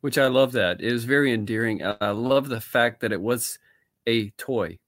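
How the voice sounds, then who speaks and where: A man talking casually on a podcast, soft and thoughtful, often trailing off into fillers. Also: mid-range voice, normal speed, no echo, clean studio sound. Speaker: podcast co-host. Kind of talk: casual conversational discussion.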